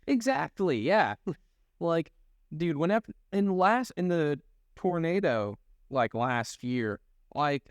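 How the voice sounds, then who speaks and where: A young man co-hosting a podcast in casual chat, animated and laughing often, with quick swings in pitch. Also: clear, resonant tone, dry recording, clean studio sound. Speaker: podcast co-host.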